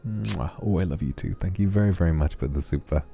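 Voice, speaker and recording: Deep, dark-toned man reading messages softly. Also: fast. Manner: gentle, affectionate, reads messages aloud then answers warmly. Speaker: streamer reading donation messages. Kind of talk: soft late-night ASMR stream.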